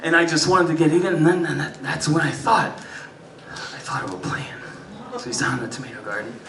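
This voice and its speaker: A man doing stand-up storytelling on a live stage, swinging between loud bursts and muttered asides. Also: fairly high pitch, a little fast, recorded from a distance. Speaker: stand-up comedian. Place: live music venue stage. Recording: roomy live club sound from afar. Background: audience laughter.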